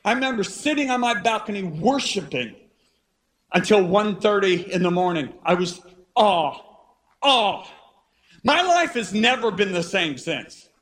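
A man with a very high speaking voice delivers a sermon as a dramatic story. He acts out the people he quotes. His delivery swings from hushed to shouted. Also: expressive, a little slow. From Italian-American. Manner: shifts between hushed and shouted. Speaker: preacher.

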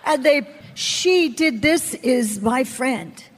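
A woman's voice: high voice, expressive, slow pace, a little hiss or hum. A woman preaching a sermon as a personal testimony, telling her story dramatically and acting out the people she quotes. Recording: long hall reverb.

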